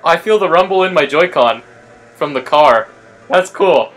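A young man casually commenting on a video game he is playing, excitable and talking to his viewers. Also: a little high, measured pace. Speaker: let's play gamer. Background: game music.

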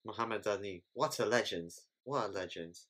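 Excitable reaction host over music. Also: medium pitch, a little slow. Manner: excitable, exclaims and repeats phrases. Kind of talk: casual reaction commentary.

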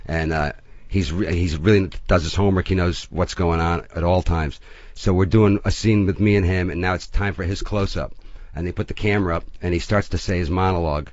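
A man guesting on a radio show, telling quick, profane anecdotes and acting out the quotes. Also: sits low, steady tone, darkish tone. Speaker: guest comedian and actor. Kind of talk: casual radio chat, storytelling. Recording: dull lo-fi radio audio.

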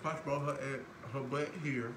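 A man's voice: mid-range voice, little pitch movement, measured pace, roomy sound, background noise. A man, co-hosting a couple's cooking show, joking and teasing his partner through a playful cooking demonstration in a home kitchen. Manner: playful, teasing, loud bursts of laughter.

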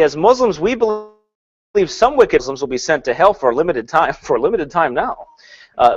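A man preaching a sermon in an animated way, swinging between loud and hushed, laughing often and mocking with put-on quotes. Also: fairly high pitch, lo-fi sound.

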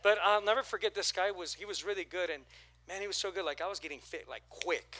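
A man giving a casual, story-driven sermon as pastor in a church auditorium. His voice sits a little high and rings very bright, and he keeps drawing the congregation in with prompts to turn to their neighbor. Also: quick pace. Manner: conversational, storytelling with acted quotes and crowd prompts.

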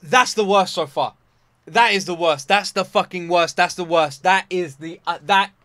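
A young man hosting an anime reaction, loud and exasperated, swearing often in casual commentary. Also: sits high, moderate pace, no room sound.

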